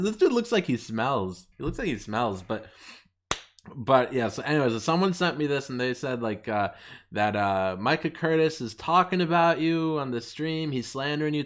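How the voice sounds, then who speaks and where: A young man hosting his channel, ranting with mocking laughs and jumping into a higher voice whenever he quotes people. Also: lively intonation, moderate pace, a bit bright. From United States. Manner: mocking, laughing often, pitch jumping up when quoting others. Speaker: channel host. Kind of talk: ranting commentary.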